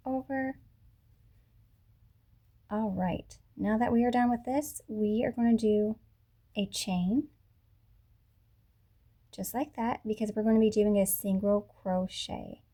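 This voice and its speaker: Woman teaching crochet on camera, soft mellow voice, patient and slow with each step. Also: fairly high pitch. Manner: patient, talks through each step slowly, self-correcting. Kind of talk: tutorial instruction. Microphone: camera mic.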